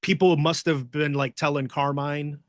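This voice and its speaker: Male podcast guest, ex-wrestler; slightly high-pitched, profane, rambling storyteller, dry close sound. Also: steady tone, normal speed, dry recording. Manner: profane, rambling, acts out quoted voices. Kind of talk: casual storytelling.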